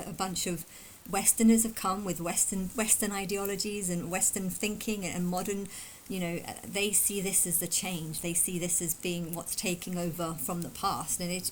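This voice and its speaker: A woman vlogger talking fast in a casual, emphatic and indignant opinion monologue. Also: lowish voice, slight background noise, poor audio. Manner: fast talker.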